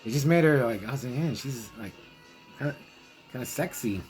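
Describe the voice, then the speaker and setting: A man with a medium-pitched voice and lively intonation talks fairly quickly over background music, and the audio is poor. He's a zine editor who reviews movies, chatting casually and hesitantly in a vlog monologue, rambling with fillers and restarts as he reads out fan letters.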